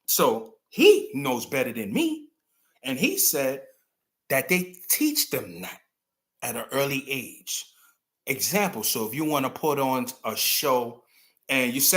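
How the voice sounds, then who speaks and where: Bright-voiced man riffing on a talk show. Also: mid-range voice, takes it slowly. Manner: animated, rambling, acts out quoted people. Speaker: commentary show host. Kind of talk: casual opinion monologue.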